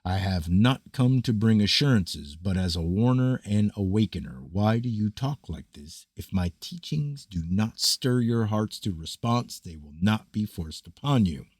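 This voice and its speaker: A man with a deep voice reads an ancient scripture aloud, slow and grave like a prophet's address. His delivery is measured and declamatory. The sound is dry, with no room echo. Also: animated, a little mellow, breathy edge. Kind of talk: solemn scripted reading of scripture.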